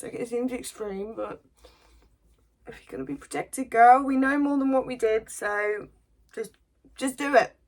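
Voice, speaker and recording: A woman's voice: on the high side, unhurried, pauses often. A woman from the English Midlands chats through her makeup routine as if talking to a friend. She rambles happily from one thought to the next. Her voice has a hint of a cold coming on. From English Midlands, near Birmingham. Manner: chatty and rambling, talks to viewers like a friend. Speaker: beauty vlogger. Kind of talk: chatty get-ready-with-me makeup vlog.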